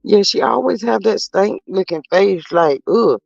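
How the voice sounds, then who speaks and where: Brief High-pitched man with a gravelly edge, sassy live-stream gossip host, dry close sound, dull lo-fi audio with faint music. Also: normal speed, a little mellow, no echo. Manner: gossipy, drawling, sassy asides to viewers. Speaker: commentary channel host reading live chat. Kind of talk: casual live-stream commentary.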